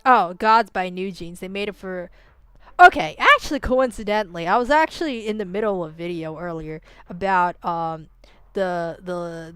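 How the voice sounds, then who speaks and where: A woman's voice: lowish voice, a bit bright, clear, resonant tone, no echo. A woman streaming a game and chatting casually with her viewers, rambling and swearing freely, with many "like" fillers and restarts. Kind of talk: casual live-stream chat while gaming.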